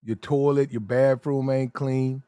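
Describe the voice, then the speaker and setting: A man's voice: medium pitch, steady tone, measured pace, mellow, dry recording. Blunt slangy man giving street advice. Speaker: podcast speaker giving dating advice. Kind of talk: casual advice talk.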